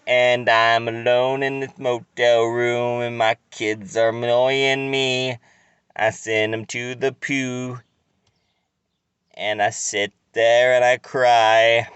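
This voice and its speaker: A man telling a crude, rambling comic story in a deadpan way. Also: mid-range voice, takes it slowly, clean tone, no echo. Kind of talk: comic monologue.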